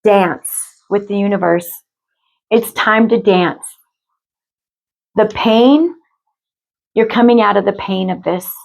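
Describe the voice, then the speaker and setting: A woman speaks slowly and gently in a mid-pitched voice, giving a spiritual reading to her viewers. Her delivery is soft and heartfelt, with frequent pauses as she addresses them directly. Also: vocal fry, lo-fi sound. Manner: slow, gentle, emotional, addresses viewers as you guys. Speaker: spiritual reader. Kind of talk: intuitive card reading for viewers.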